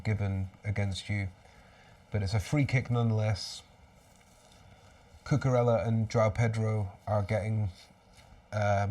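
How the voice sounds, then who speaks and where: A man's voice: on the low side, far from the mic. A man hosting a live fan watchalong stream, commentating on the match with exasperated outbursts and resigned muttering.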